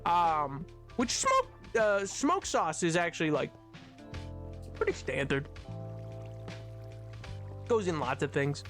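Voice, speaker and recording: A male streamer chats with his viewers in a high, bright voice, laughing easily and staying animated as he goes. Faint music plays underneath his talk. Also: takes it slowly, long pauses. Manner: giggly, animated, breaks into laughter often. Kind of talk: casual live-stream chat, reading chat messages.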